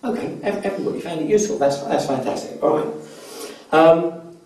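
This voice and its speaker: A man's voice: a little high, fairly quick, a little mellow. A man giving a motivational training seminar to a live audience. He keeps polling the crowd with questions and often repeats a word as he starts a phrase. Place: large convention hall. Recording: echoey hall, voice from far off.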